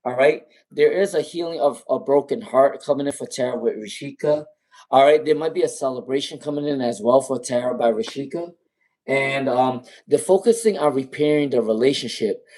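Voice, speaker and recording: A man's voice: mid-range voice, a little fast, dark tone. Casual man reading tarot live. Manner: casual, repeats names and questions, laughs often while reading chat. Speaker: tarot reader.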